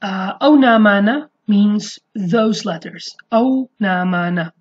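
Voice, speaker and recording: A woman from Iraqi Kurdistan who speaks natively, teaching an online language lesson in English. She explains haltingly, with frequent fillers, and repeats her example phrases. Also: mid-range voice, a little mellow, husky, highs cut off. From Iraqi Kurdistan, Slemani.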